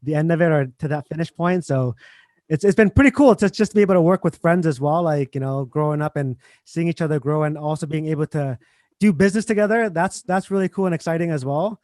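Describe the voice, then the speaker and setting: A man hosting a casual interview, talking in a relaxed way with lots of fillers. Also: a little high, quick pace, no echo. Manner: relaxed, filler-heavy talk. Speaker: host.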